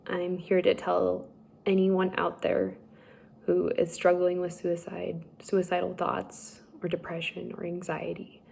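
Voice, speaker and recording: A young woman slowly telling a personal story, halting and emotional at times. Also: lowish voice, completely flat delivery, gravelly, darkish tone, a little hiss or hum. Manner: slow, halting, tearful at times. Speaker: speaker sharing a personal story.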